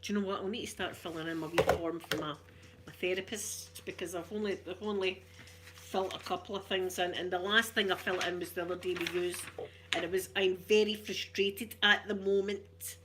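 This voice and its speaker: A woman with a Glaswegian Scottish accent chatting casually, a rambling storyteller who laughs often and slips into soft asides. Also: lowish voice, steady tone, brisk, background noise. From Glasgow, Scotland. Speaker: ASMR vlogger. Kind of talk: casual chat.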